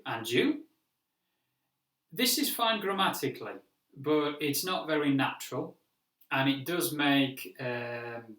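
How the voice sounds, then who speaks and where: A man with a British accent, an English teacher giving a clear, deliberate online lesson and acting out greetings. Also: mid-range voice, a bit bright, roomy sound.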